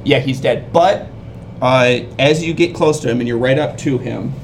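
A man acting as game master, narrating a tabletop game in a relaxed, descriptive way. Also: mid-range voice, moderate pace, creaky. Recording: noisy background.

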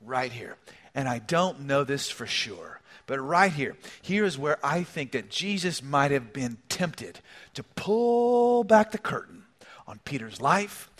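An animated male pastor preaching with a bright, high voice that swings widely in pitch. He tells the story conversationally, with frequent asides to the congregation. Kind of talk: sermon.

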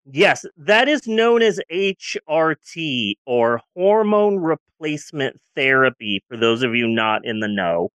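A woman's voice: low-pitched, expressive, takes it slowly, hardly any pauses, fairly bright tone, no echo. A woman in her forties chatting candidly on a podcast, rambling a little and restarting her sentences. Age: 40s. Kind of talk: casual podcast chat.

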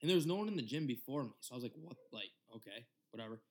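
A man's voice: medium pitch, lively intonation, very fast, darkish tone. A young man in his twenties co-hosting a casual podcast and telling a story in loose, swear-filled speech full of "like" and "you know.". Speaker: podcast co-host.

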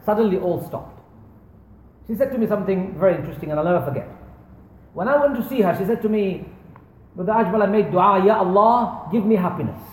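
A man's voice: high-pitched, a little mellow. A man giving an earnest, storytelling charity appeal in a mosque. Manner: earnest storytelling, addressing brothers and sisters. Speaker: fundraising speaker at a mosque. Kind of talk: sermon-style charity appeal. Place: large echoey prayer hall. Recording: echoey hall with long reverb.

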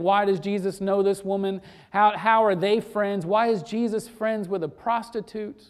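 In a mid-range voice, a woman preaches a sermon, retelling a story to drive home her point. She drops to a hush for emphasis and then builds back up.

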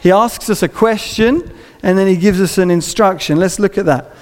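A man's voice: high-pitched, normal speed. A man preaching a sermon in a church, conversational and humorous, acting out little scenes. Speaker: pastor. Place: church auditorium. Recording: long reverb of a large hall.

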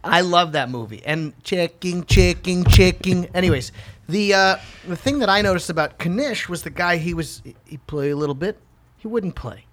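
A male comedian guesting on a podcast, ranting in a rambling, animated way and acting out asides. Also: sits high, a little fast, noisy background. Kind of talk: casual podcast chat.

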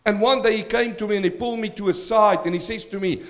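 A man's voice: high-pitched, fairly even intonation, fast talker, hardly any pauses. A man preaching a verse-by-verse sermon as pastor, emphatic and direct, addressing his congregation.

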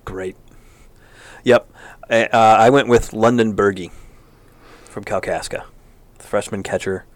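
A man's voice: fairly low pitch, fairly even intonation, slow, no echo. A man co-hosting a sports podcast in casual chat, mostly giving short, dry remarks. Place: small podcast studio.

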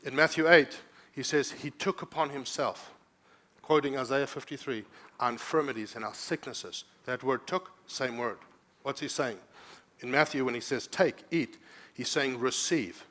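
A man's voice: mid-range voice, moderate pace, fairly bright tone. A man preaching a sermon as pastor, teaching scripture and rising to urgent, emphatic preaching, often asking the congregation to respond.

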